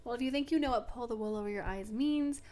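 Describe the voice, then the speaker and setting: A woman's voice: a little high, fast, warm tone. A young woman hosting a podcast in giggly, chatty casual conversation. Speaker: podcast host. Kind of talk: casual chat.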